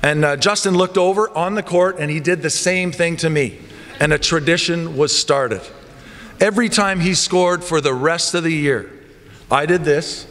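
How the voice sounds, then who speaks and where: A male basketball coach giving a lively assembly speech in a church, telling stories and acting them out. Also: fairly high pitch. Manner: animated storytelling with comic voices. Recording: long church reverb, faint ambience.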